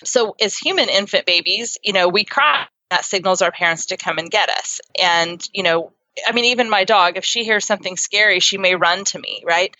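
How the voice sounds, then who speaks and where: Bright, forceful woman explaining earnestly. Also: mid-range voice, normal speed, no echo. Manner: earnest, teaching tone with lively examples. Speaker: guest, psychotherapist and author. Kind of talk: explanatory interview talk. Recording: dull lo-fi sound.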